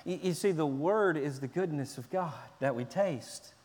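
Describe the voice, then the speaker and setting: A man preaching a sermon in an animated way, at times acting out shouting children. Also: on the high side, moderate pace, long reverb tail. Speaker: pastor.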